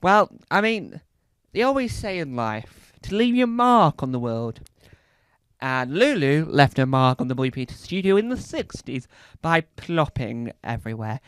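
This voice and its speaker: A man doing stand-up, telling a rambling comic story with animated, swooping intonation. His voice sits fairly high and comes through smooth and resonant. The sound is close and dry. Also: unhurried, no echo. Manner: animated, rambling, acts out bits. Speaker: stand-up comedian. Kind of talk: comedic storytelling monologue.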